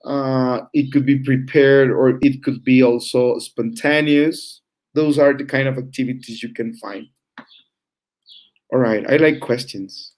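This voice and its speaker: A man's voice: mid-range voice, fairly even intonation, measured pace, darkish tone. Man teaching an online class. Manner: explains with frequent "right?" checks and fillers. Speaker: teacher trainer.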